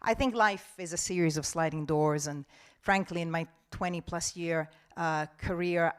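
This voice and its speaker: A woman in her forties, not a native English speaker, a broadcast journalist giving an animated, expressive talk on a festival panel. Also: on the low side, normal speed, clear, resonant tone. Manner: animated, expressive, acts out quotes.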